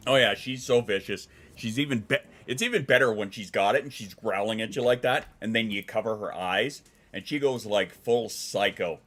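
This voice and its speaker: A man's voice: fairly low pitch, moderate pace, hardly any pauses, a bit bright. A man chatting casually on a live stream, loose and profane, talking to his pets between comments.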